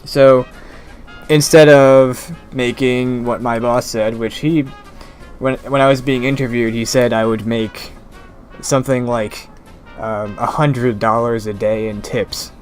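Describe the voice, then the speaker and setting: A young man rambling in a mumbling monotone about his summer job. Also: mid-range voice. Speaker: gaming vlogger. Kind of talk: rambling casual commentary over gameplay. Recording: faint music behind. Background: faint background music.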